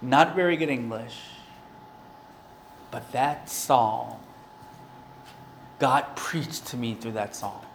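A man's voice: medium pitch, slow, creaky, pauses often, roomy sound, slight background noise. A man preaching a sermon, earnest and conversational, with a prayer and a personal story. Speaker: pastor.

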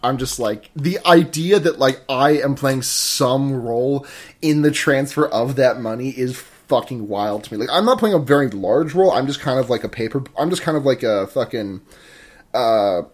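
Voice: medium pitch, lively intonation, normal speed. A young adult co-hosting a casual movie podcast, rambling and profane, full of filler words. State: coughing. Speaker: podcast co-host.

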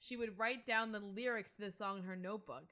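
A woman's voice: mid-range voice, fairly even intonation, brisk, bright, forceful tone. A young woman co-hosting a podcast, chatting casually in an emphatic, playful way. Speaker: podcast co-host. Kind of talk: casual chat.

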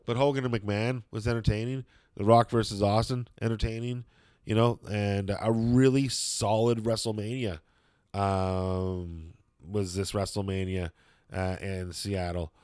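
A man's voice: fairly low pitch, fairly even intonation, measured pace, darkish tone, clean tone, dry recording, clean studio sound. A man chatting casually and opinionatedly as a show host, rambling with lots of fillers and some swearing.

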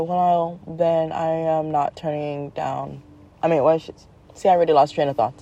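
A woman's voice: low voice, moderate pace, vocal fry. A woman tells rambling, joking stories about her children in a casual vlog. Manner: rambling, joking, animated retelling. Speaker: mother, vlogger.

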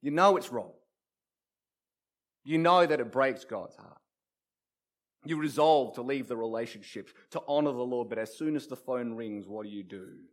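A man preaching a sermon, telling stories dramatically and building up repeated phrases, shifting from quiet to loud. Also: medium pitch, normal speed, pauses often. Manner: dramatic storytelling with wide swings from soft to loud; repetitive rhetorical build-ups.

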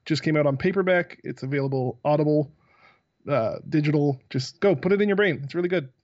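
A man's voice: on the high side, brisk, dry recording. A man guest on a podcast, enthusiastic and joking in casual chat. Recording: dry, dull lo-fi mic.

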